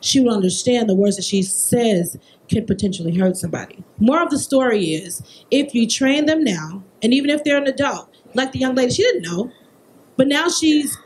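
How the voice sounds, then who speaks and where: A woman in her thirties, a behavior therapist on a festival panel, telling a personal story in an animated, emphatic way. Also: a little high, normal speed, slight background noise, rough recording.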